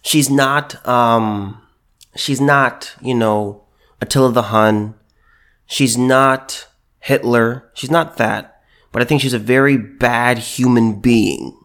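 A man's voice: medium pitch, steady tone, slow pace, a bit bright. A man giving opinionated video commentary and reading news aloud, emphatic and repeating himself, with many restarts.

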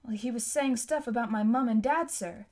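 A woman's voice: on the high side, normal speed, a little mellow, close to an everyday voice. A woman reading aloud, voicing a nervous teenage boy apprentice who mumbles and stammers.

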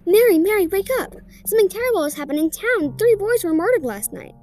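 A woman's voice: very high-pitched, big pitch swings, fast talker, warm tone, pitched above the performer's own voice. A woman voicing a frantic mother urgently waking her daughter in a read-aloud ghost story. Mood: alarmed. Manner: urgent, alarmed.

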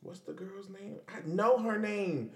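A man hosting a casual commentary show, animated and laughing, repeating his lines for emphasis. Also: sits high, a little slow, big-room sound. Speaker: host.

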